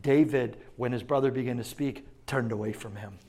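A man preaching a sermon to a congregation, building from low, quiet points to loud, emphatic passages. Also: moderate pace. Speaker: pastor. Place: church sanctuary.

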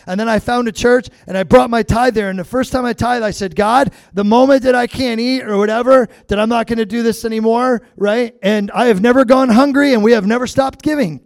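A man's voice: extremely high pitch, steady tone, a little fast, few pauses, no room sound, studio quality. A middle-aged man preaching a sermon as pastor, talking straight to the congregation in a conversational way with frequent asides.

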